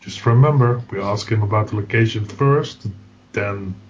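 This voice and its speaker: A male player at a game table. He talks through the plan in a low voice, and he speaks matter-of-factly. The sound is dull and lo-fi, with a faint hiss behind. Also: normal speed. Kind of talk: casual chat at a game table.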